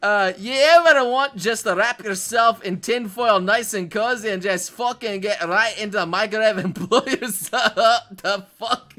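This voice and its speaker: A man's voice: sits high, a little slow, hardly any pauses, pushed and bright, faint music behind. A man putting on a Scottish accent to voice a crude, rowdy lad reading out chat messages, swearing and laughing through them. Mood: ranting. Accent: put-on Scottish. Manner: sweary, laughing, exaggerated brogue.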